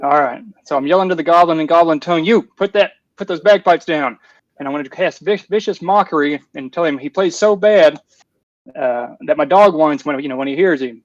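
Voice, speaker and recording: Fairly high guy narrating his moves, dry muffled mic. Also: brisk, no echo. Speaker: player. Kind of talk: narrating his character's actions in a tabletop game.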